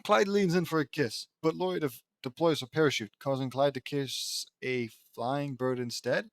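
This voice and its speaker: A man's voice: medium pitch, moderate pace, no room sound, studio quality. A man reading his own fan fiction aloud in a casual way, stumbling into restarts and amused asides. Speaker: audiobook reader and author.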